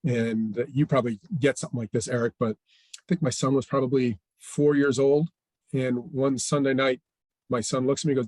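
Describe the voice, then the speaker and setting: A man's voice: medium pitch, brisk, dry recording. Middle-aged man telling a story, dry sound. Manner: animated, acts out quoted dialogue. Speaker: franchise owner guest. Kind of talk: storytelling interview chat.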